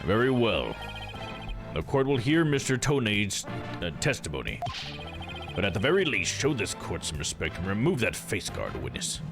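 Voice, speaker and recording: A man's voice: fairly low pitch, wildly swooping pitch, normal speed, gravelly, over music, pitched above the performer's own voice, full character voice. A man voicing a stern older male judge who speaks in formal pronouncements.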